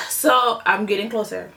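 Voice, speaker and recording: A young woman with a gravelly, fry-tinged voice talks through a personal story for her vlog. She rambles and circles back with lots of fillers, and her feelings sit close to the surface. Her pitch stays in a middle range. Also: slow pace, sharp tone. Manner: emotional, rambling with many fillers. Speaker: vlogger.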